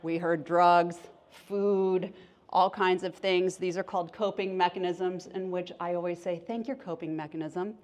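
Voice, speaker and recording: A woman's voice: fairly low pitch, little pitch movement, unhurried, darkish tone. A woman, a therapist and life coach, giving an educational talk, asking the audience questions and acting out little voices.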